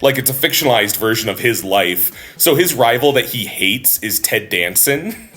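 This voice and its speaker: A man co-hosting a casual podcast, talking in an animated way, laughing often and swearing casually. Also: mid-range voice, normal speed. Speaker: podcast co-host.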